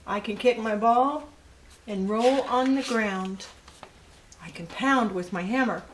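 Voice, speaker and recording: A woman's voice: a little high, takes it slowly, slight background noise. An older woman, a grandmother, reading picture books aloud to her grandchildren and adding asides to them. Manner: animated storytelling with asides to children.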